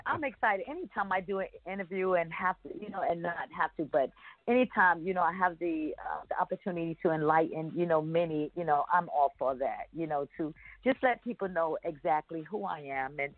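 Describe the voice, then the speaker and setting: A woman's voice: on the low side, a little fast, dry recording. A woman in her fifties, a guest on a radio interview, talking loosely with many fillers and restarts. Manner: rambling, many "you know" fillers and restarts. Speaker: guest rapper. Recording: dry tinny phone-like line.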